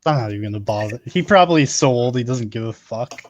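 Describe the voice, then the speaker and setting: A man's voice: medium pitch, expressive, fast talker, no room sound, lo-fi sound. A man playing a tabletop game, laid-back and joking. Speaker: player. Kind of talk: casual tabletop play.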